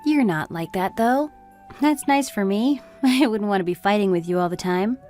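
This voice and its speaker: A woman playing a gentle, concerned wife. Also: medium pitch, animated, moderate pace, faint music behind, close to an everyday voice. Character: gentle young wife worried about her husband. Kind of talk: scripted text-story drama.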